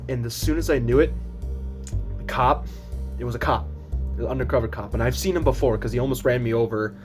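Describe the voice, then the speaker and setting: A man's voice: fairly quick, over music. A young man telling a casual storytime vlog, rambling with restarts and fillers, and acting out the other people's voices. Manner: acts out quoted voices, squeaks high when panicked. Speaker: vlogger.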